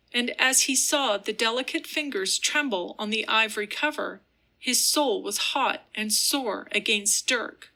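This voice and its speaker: Woman audiobook narrator, measured soft telling, slow pace, bright tone. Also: on the high side.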